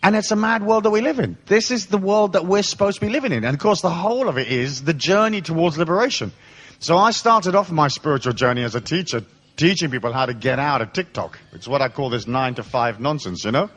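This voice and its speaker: A man's voice: fairly high pitch, expressive, fast talker, fairly bright tone, a little hiss or hum. A man giving a live seminar talk to an audience, irreverent and playful, swearing freely as he tells stories. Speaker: seminar speaker.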